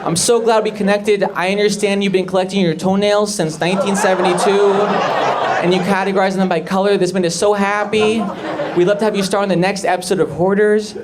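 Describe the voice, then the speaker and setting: A man playing an eager, fast-talking male TV producer with a salesy pitch, on a comedy stage. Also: flat delivery, a crowd in the background, close to an everyday voice. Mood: gushing. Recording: loud audience laughter on stage.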